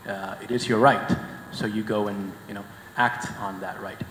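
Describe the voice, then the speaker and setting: A man with a low voice poses a long question from the audience, earnest but halting and full of fillers. The hall gives his voice a long, roomy reverb. Faint background noise sits underneath. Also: fairly even intonation, a bit bright. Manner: hesitant, many fillers, earnest. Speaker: audience member asking a question. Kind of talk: conference Q&A.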